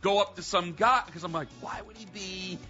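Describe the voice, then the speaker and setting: A man tells an animated story on sports radio, acting out each line of dialogue. His voice is a little high and bright. The sound is slightly muffled, with faint music behind him. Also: moderate pace. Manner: animated storyteller, acts out quotes. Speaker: radio contributor. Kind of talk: telling an anecdote on radio.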